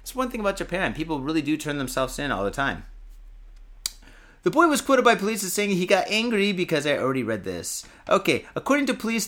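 A man hosting a podcast with a voice pitched a little above the usual for men. He talks in a crude, rambling, irreverent way, swearing freely. He reads news items aloud and keeps cutting in with joking asides. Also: a bit bright. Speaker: podcast host. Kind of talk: casual profane commentary.

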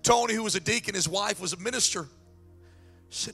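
A man preaching a sermon and telling a story, excitable and repeating words as he builds up, his throat strained. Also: sits high, fairly quick, soft background music. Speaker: pastor.

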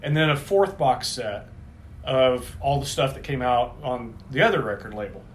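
Rambling middle-aged man, lively pitch. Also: moderate pace. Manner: rambling, self-correcting, swears casually. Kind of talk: casual chat.

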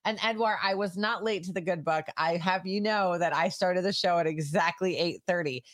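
A woman's voice: lowish voice, moderate pace, no room sound. A middle-aged woman co-hosting a podcast, chatting casually, laughing often and swearing through heated rants. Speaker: podcast co-host. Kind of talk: casual banter.

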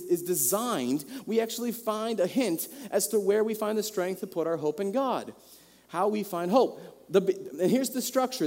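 A man's voice: sits high, darkish tone. A man preaching a sermon to a congregation, earnest and full of questions to his listeners. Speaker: pastor. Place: church hall. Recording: long reverb of a hall.

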